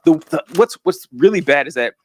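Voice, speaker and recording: A man in casual political chat, sardonic and quick as he builds on the others' points. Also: on the high side, lively intonation.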